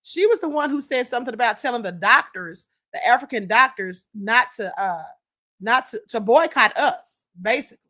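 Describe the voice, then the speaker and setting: A woman's voice: a little high, expressive, normal speed, sharp tone. A woman hosting a live stream, giving casual opinionated commentary on clips and reading viewer comments aloud.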